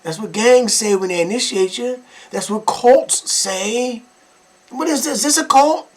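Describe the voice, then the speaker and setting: A man giving animated, mocking reaction commentary as a vlogger. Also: very high-pitched, a little slow.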